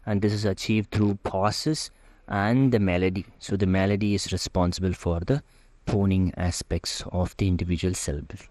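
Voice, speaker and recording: A man's voice: low-pitched, steady tone, normal speed, darkish tone, no echo. A man teaching a German phonetics lesson over slides, speaking hesitantly with many filler sounds. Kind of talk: slide-based lecture.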